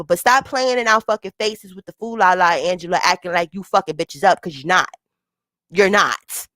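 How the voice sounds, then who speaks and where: A woman giving casual live-stream commentary, blunt, profane and mocking, with a fairly high voice, talking straight to her chat. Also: a bit bright, no room sound.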